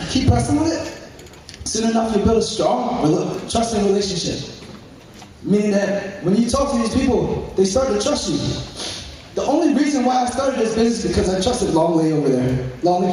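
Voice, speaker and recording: High-voiced young man, fervent motivational speaker, repeats and shouts, distant mic. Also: a little hiss or hum. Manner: fervent, repeats key phrases, bursts into shouts. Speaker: motivational speaker at a business meeting. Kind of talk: motivational speech. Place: large indoor hall with a live audience. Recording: very echoey hall, mic far off, crowd.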